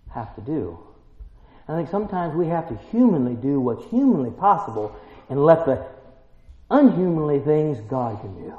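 A man preaching a sermon, emphatic and full of rhetorical questions, building to excited peaks. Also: a little high. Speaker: pastor. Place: church. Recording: roomy church, dull lo-fi sound.

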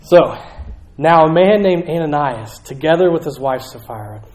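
A man with a Southern US accent delivers a sermon, chatty and animated as he talks his congregation through a passage. His voice sits a little high for a man and rings in an echoey room. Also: normal speed. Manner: animated, conversational preaching with acted quotes. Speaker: pastor.

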